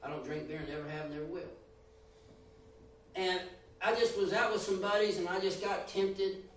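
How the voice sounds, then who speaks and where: A man's voice: sits high, fairly even intonation, normal speed. A man preaching a sermon with rising and falling emphasis, acting out the voices he quotes. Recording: echoey room, voice from a distance.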